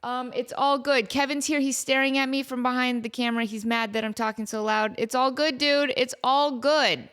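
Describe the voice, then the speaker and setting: A woman in her thirties chatting on her own podcast into a studio mic, her voice sitting a little high. She sounds tired from just waking up, and she rambles, mocks herself and laughs easily. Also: steady tone, a bit bright, clear, resonant tone. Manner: rambling, self-mocking, quick to laugh. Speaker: podcast host. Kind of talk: casual solo podcast chat.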